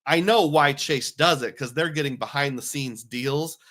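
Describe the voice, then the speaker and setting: A man's voice: fairly high pitch, moderate pace, fairly bright tone. A man hosting a casual livestream, talking in a chatty, jokey, self-deprecating way and reading out viewer comments. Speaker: host.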